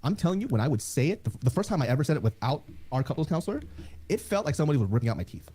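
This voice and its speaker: Fast, lively laughing man with husky voice. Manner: laughing, animated, acts out quotes in high voices. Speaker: podcast co-host. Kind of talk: casual podcast storytelling.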